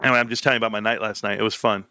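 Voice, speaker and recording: Brief: middle-aged male streamer, animated storyteller who acts out voices, bright tone, dry sound. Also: rapid-fire, smooth, dry recording. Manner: animated storyteller, acts out quotes with big pitch jumps; laughs often, says bro a lot. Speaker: livestream host. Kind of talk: casual livestream chat.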